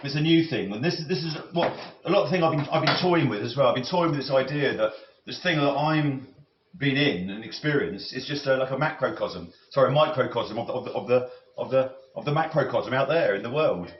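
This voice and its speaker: A man rambling and musing as he cooks, with many halting restarts and self-corrections. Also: mid-range voice. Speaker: cooking vlogger. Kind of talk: rambling talk while cooking. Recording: roomy, slightly dull audio with faint noise.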